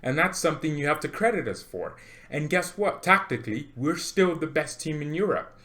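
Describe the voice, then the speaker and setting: A man hosting a football fan channel, ranting excitedly to camera with jokes, laughs and repeated words for emphasis. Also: on the high side, normal speed. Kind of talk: animated fan rant to camera.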